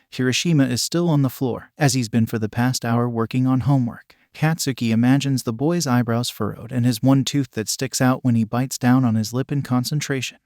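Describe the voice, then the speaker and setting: A man narrating a fan-written story in a steady, even reading style. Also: mid-range voice, no echo, clean studio sound. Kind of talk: scripted fan-fiction narration.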